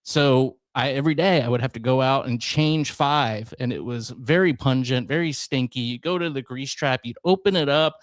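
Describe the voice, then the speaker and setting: A man's voice: medium pitch, moderate pace, few pauses, no echo, clean studio sound. A man in his thirties, co-hosting a casual talk show and telling a story with frequent laughs. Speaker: podcast co-host. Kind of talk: casual chat.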